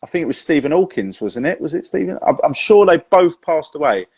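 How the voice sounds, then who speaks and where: A man's voice: a little high, big pitch swings, brisk, darkish tone, slight background noise. A man hosting a live casual chat, telling jokes and stories, laughing often and swearing now and then. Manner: chatty, laughs a lot, swears in anecdotes. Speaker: host, magician.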